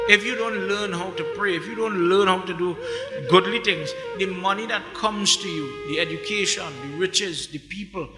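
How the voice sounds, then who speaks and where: High-voiced preaching pundit, animated. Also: male voice. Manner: animated, repeats phrases while preaching. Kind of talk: sermon. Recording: echoey hall with music behind.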